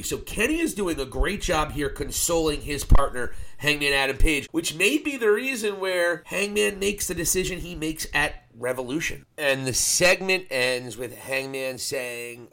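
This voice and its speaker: A man hosting a casual wrestling recap, excitable and swearing casually. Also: a little high, moderate pace, few pauses.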